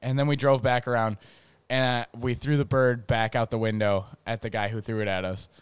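A man's voice: medium pitch, little pitch movement, fairly quick, clear, resonant tone, no room sound. A young man from North Dakota, rambling through a profane, casual story on his own show, full of fillers and restarts. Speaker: podcast host.

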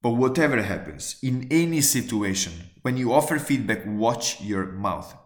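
A man speaking as a walks through advice tips in an earnest, emphatic way. He asks rhetorical questions and repeats his key points. His voice sits at a middle pitch and carries noticeable room echo. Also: lively intonation, moderate pace. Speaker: presenter giving workplace advice. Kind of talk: spoken advice talk, numbered tips.

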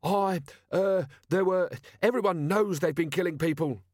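A man's voice: sits high, normal speed, no room sound, voice pushed up. A man voicing a nervous but defiant male rioter in an audiobook reading, speaking in a blustering way.

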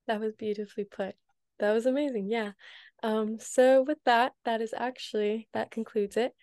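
A woman's voice: on the high side, fairly even intonation, normal speed, darkish tone, no room sound, studio quality. A woman interviewing a guest, asking questions and thanking him appreciatively. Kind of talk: casual interview.

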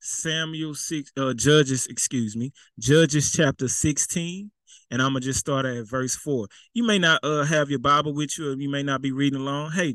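A man's voice: fairly high pitch, a bit bright, dry recording, poor audio. Man preaching a casual sermon. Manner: conversational, repeats words, folksy slang.

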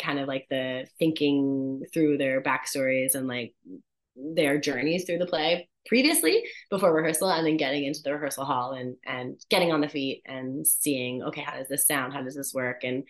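A woman actor chatting as an interview guest, animated and laughing often as she tells stories about her work. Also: deep voice, echoey room. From Canada. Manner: animated storyteller, laughs often, many restarts. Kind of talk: casual interview chat.

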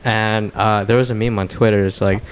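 A man's voice: on the low side, fairly even intonation, brisk, slight background noise. A young man in casual podcast chat, rambling and hesitant with many fillers. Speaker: podcast co-host.

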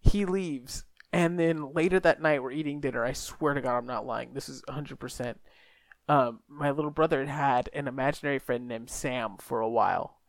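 A man's voice: medium pitch, moderate pace, creaky, no echo. A man co-hosting a casual movie podcast, telling anecdotes with frequent laughter and casual swearing. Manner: laughing storyteller, chatty, swears. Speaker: podcast co-host.

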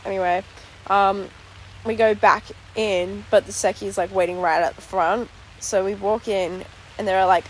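A young Australian woman telling a story in casual chat, sweary and animated, full of "like". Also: medium pitch, normal speed, slight background noise, low-quality recording. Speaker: podcast co-host. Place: inside a tent.

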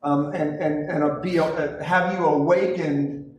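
Male charismatic preacher, high-pitched and emphatic; distant mic in a very echoey hall. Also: fairly even intonation, measured pace, slight background noise. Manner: emphatic, rousing, with repeated restarts. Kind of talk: fiery charismatic sermon.

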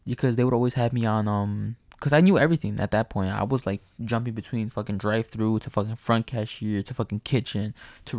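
A young man telling a profane, animated story in casual chat, often laughing. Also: medium pitch, dry recording.

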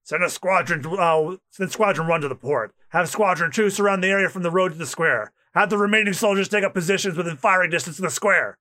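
A man voicing a gruff, unhurried male navy captain who mutters low and gives clipped orders. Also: sharp tone. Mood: commanding.

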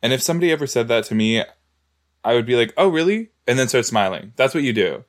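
A man's voice: mid-range voice, expressive, fast. A man giving casual, exclamatory commentary while reacting to a show, talking back to the screen. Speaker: reaction video host.

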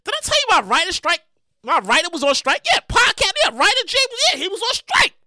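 A male podcast host rants through his comedic commentary, loud and restless. His voice is high and bright, swinging widely in pitch and breaking into shouts. The mic sounds close and dry. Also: fast talker, dry recording. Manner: loud, animated, repetitive, swears freely, bursts into shouting.

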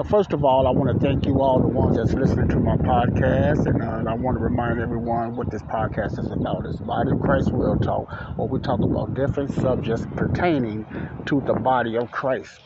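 A man from Chicago hosting a casual Christian talk podcast, rambling and repetitive, recorded outdoors on a smartphone held close. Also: mid-range voice. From Chicago, USA. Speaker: podcast host. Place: outdoors in the wind. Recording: dull lo-fi phone audio with loud wind.

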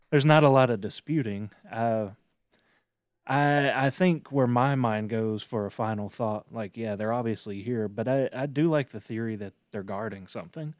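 A man's voice: medium pitch, normal speed, no echo, clean studio sound. A man co-hosting a podcast in casual chat, musing and speculating as he talks. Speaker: podcast co-host.

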